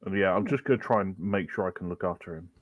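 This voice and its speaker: Lowish, gentle-spoken male player. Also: fast talker, lo-fi sound. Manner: hesitant, gentle, with fillers. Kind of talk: casual tabletop game play.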